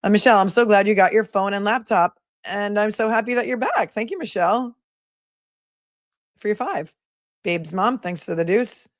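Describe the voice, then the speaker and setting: A woman's voice: medium pitch, expressive, normal speed, no room sound, studio quality. A woman attorney hosting a casual livestream, reading viewer messages aloud and thanking them in a chatty, affectionate way.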